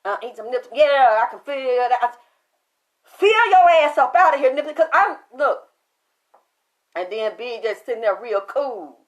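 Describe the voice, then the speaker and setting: Animated, profane woman spinning a story. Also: normal speed. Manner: animated, profane, excitable storytelling with sudden pitch jumps. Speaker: spiritual medium recounting a reading. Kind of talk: casual storytelling to an audience.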